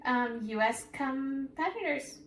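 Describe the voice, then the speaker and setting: A woman co-hosting a podcast in casual chat, animated and excitable as she tells stories. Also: sits high, slow, slight background noise. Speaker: podcast co-host. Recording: roomy echo.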